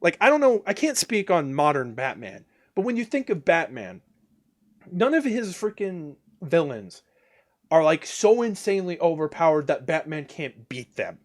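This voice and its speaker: A man's voice: on the high side, sing-song, moderate pace. Ranting, foul-mouthed male streamer. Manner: exasperated, profane ranting with many restarts. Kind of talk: casual ranting chat while gaming.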